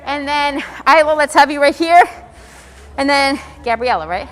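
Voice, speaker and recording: A woman's voice: high-pitched, normal speed. A woman leading children through an exercise session, counting reps and giving upbeat instructions. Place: event room with children. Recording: long hall reverb.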